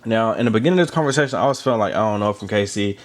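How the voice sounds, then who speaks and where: Casual male recap host with a low voice, animated delivery, chatty asides. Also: racing. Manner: animated, chatty, with asides about drinking water and lotion. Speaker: reality show recap host.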